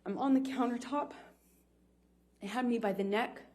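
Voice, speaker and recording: A woman giving courtroom testimony from a witness stand, speaking haltingly with many fillers and restarts. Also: a little high, a little mellow.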